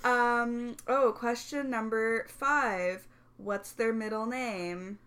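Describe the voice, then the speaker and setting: A young woman chats casually with her best friend, filling her talk with "like" and bursts of giggles. Her voice is bright and sits a touch high. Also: fairly even intonation, very slow. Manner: chatty, giggly, heavy use of "like". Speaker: co-host. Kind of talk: casual chat between friends.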